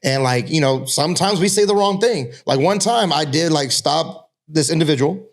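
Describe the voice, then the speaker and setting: A man's voice: a little high, normal speed. A man chatting casually about working club security, candid and acting out quotes from patrons. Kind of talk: casual chat.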